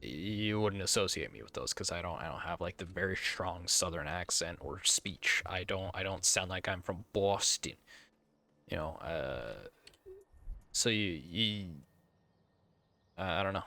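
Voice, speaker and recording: A man's voice: low-pitched, lively intonation, unhurried, creaky, sharp tone. An American man streaming a game, rambling and thinking aloud in casual commentary. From United States.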